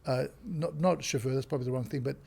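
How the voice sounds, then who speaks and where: Gravelly Australian man telling stories. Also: mid-range voice, quick pace. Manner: animated storyteller who acts out quotes. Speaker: guest comedian and actor. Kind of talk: casual interview chat.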